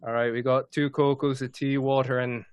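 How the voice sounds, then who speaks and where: A man's voice: mid-range voice, flat delivery, normal speed, clear, resonant tone, no echo, close to an everyday voice. A man voicing a big, good-natured bald male innkeeper in a tabletop game, with a hesitant drawl. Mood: cheerful.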